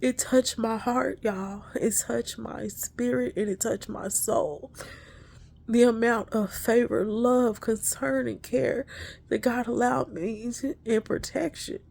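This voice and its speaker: Gravelly-voiced woman, earnestly preaching. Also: fairly high pitch, steady tone, takes it slowly, a little mellow. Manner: earnest, preachy, addresses listeners as y'all. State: emotional. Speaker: inspirational speaker. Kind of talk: spiritual encouragement talk.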